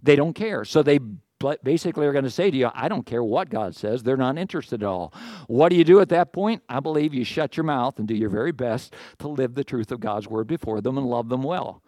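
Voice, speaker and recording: Speaking a little fast in a dark-toned, expressive mid-range voice, this middle-aged male pastor delivers a sermon while out of breath. He chats with his congregation, pokes fun at himself, tosses in asides, and poses rhetorical questions. It's a dry, clean studio recording.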